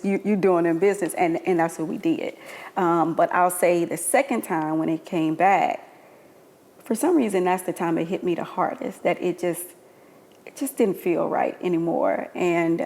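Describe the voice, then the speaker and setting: A woman, a guest, telling a personal story in a halting way, often restarting her words. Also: on the low side, vocal fry, a little mellow, long reverb tail. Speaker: guest, caregiver.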